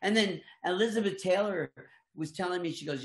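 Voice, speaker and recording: A man's voice: a little high, lively intonation, moderate pace, fairly bright tone. An older man, a voice actor, telling rambling, chuckling anecdotes in casual chat with many restarts. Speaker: voice actor guest. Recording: echoey room.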